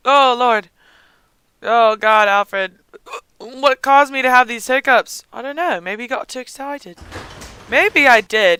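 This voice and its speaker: Young man, hiccups, gameplay commentary, excitable and gasping, bright smooth voice. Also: very high voice, measured pace. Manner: excitable, gasps and yelps, talks to game characters. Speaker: let's play gamer.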